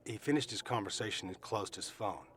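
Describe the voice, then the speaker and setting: A middle-aged man giving eyewitness testimony, telling his story earnestly and emphatically, with pauses and restarts. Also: on the low side, a bit bright, a little hiss or hum. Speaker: eyewitness recounting events.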